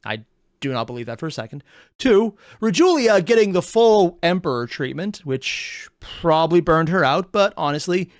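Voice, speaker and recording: A man on a reaction channel gives casual commentary, rambling and thinking aloud as he goes. His slightly high voice swings widely in pitch. The sound is close and dry. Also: expressive, moderate pace, dry recording.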